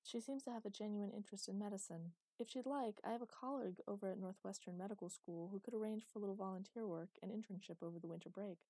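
Woman reading a courteous hospital doctor; mellow, unhurried. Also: mid-range voice, no echo, natural voice, poor audio. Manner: polite, businesslike. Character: polite professional woman doctor. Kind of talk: audiobook character voice.

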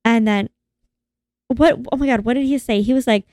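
A woman's voice: on the high side, normal speed, darkish tone, no echo, studio quality. A woman in casual chat, recapping a film and animatedly acting out the characters' lines in voices. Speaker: podcast co-host recapping a film.

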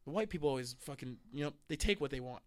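Raspy, fast-talking man telling a story. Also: medium pitch. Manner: rambling, laughing, profane, animated retelling. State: a little sick, raspy voice. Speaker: podcast host. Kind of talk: casual storytelling chat. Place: studio.

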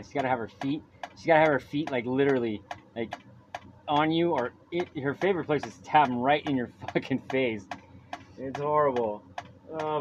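A man hosting a solo podcast from home, rambling loosely and swearing constantly. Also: mid-range voice. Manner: profane, rambling, loose and casual. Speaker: podcast host. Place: at home, by a baby monitor. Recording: dull lo-fi audio with noise.

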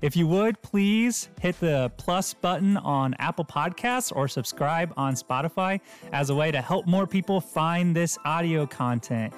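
A man's voice: on the high side, unhurried. A man hosting a church podcast, reading a friendly, welcoming intro. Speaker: podcast host. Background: faint music.

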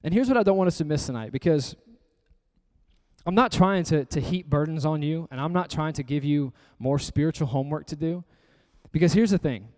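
Male pastor, somewhat high voice, earnest conversational sermon delivery, long hall reverb. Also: brisk, darkish tone. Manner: earnest, conversational preaching with rhetorical questions. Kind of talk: sermon with scripture reading.

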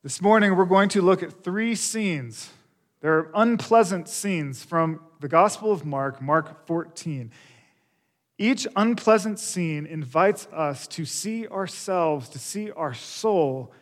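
A male pastor preaching a sermon, speaking earnestly and addressing the congregation directly as friends. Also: on the high side. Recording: long reverb of a large hall.

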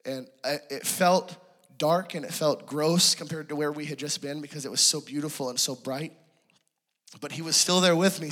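Male preacher, bright and fairly high, sermon testimony, hushed to impassioned. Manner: hushed and tender, rising to impassioned pleading.

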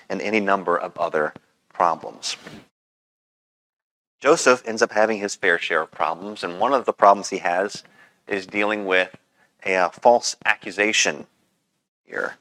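Male pastor, low voice, dry close sound; easygoing sermon delivery with pauses. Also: no room sound, low-quality recording. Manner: conversational, relaxed preaching with frequent "uh" pauses.

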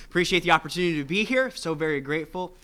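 American man preaching, a bit high. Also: animated, racing, bright, forceful tone. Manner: conversational, with many restarts and fillers. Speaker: guest preacher. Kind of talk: sermon. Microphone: handheld microphone.

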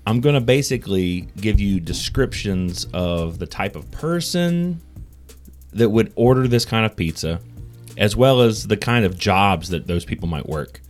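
A man's voice: fairly low pitch, normal speed, faint music behind. A man hosting a podcast game, reading clues playfully in casual chat. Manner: playful, reads clues as if he were the pizza. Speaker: podcast host running a game.

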